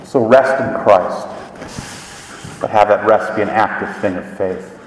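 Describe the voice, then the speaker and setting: A pastor preaches a sermon in an earnest voice that sinks low and soft whenever he affirms his faith. He stands well back from the microphone. A long, roomy reverb from the hall surrounds every word. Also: unhurried, far from the mic, a little hiss or hum. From Scotland. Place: church sanctuary. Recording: echoey hall, voice from afar.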